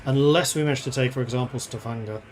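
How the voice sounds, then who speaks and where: A man's voice: mid-range voice, fast talker, slight background noise. A man streaming a strategy game, thinking aloud in a chatty, playful way as he plays. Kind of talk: casual gameplay commentary.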